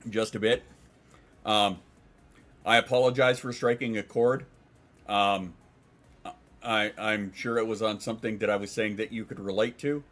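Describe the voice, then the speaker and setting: Low-voiced man chatting casually on stream. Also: fairly even intonation, moderate pace, pauses often, a bit bright. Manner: rambling, swearing, reads chat aloud. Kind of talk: casual chat with live chat.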